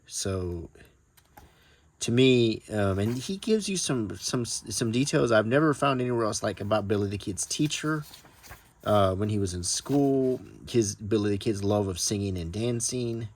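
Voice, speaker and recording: A man casually talking through his book collection in a soft, meandering way, full of ums and restarts, sometimes reading old newspaper text aloud. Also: lowish voice, lively intonation, a little slow. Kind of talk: casual, unscripted talk about his books.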